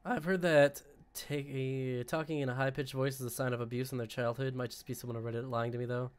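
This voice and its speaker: A young man streaming a video game, talking casually with excitable outbursts, rambling asides and a lot of swearing. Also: medium pitch, a little fast, clear, resonant tone. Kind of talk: casual gaming commentary.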